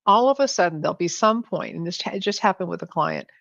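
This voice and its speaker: Woman, pricing coach, animated, restarts often, dry lo-fi call audio. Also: on the low side, fast talker, vocal fry, dry recording. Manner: animated, many restarts and self-corrections. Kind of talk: conversational interview. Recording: dull lo-fi sound, dry.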